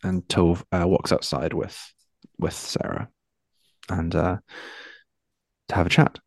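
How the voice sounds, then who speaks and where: Deep-voiced man running a tabletop game. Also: flat delivery, slow, creaky, dry recording. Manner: hesitant, many fillers. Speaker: game master.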